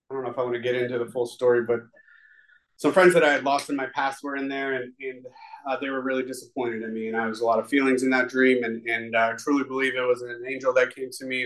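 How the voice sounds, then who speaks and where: A man's voice: mid-range voice, fairly bright tone, poor audio. A man telling his recovery story to a live audience in a room, rambling and heartfelt, with many restarts. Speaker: speaker sharing a recovery story. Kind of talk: personal testimony to a live audience.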